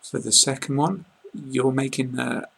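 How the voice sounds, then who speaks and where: A British man giving a casual online pronunciation lesson, speaking slowly and carefully and repeating example words. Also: medium pitch, fairly even intonation, creaky, a bit bright, breathy edge, low-quality recording. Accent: British English. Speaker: English pronunciation teacher.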